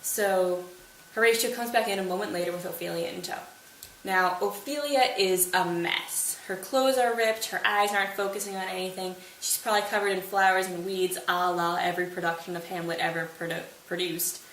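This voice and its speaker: A woman's voice: fairly low pitch, fairly even intonation, normal speed, fairly bright tone. Woman host, sarcastic casual recap, distant mic in an echoey room, faint hiss. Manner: sarcastic, jokey. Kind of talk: casual study retelling.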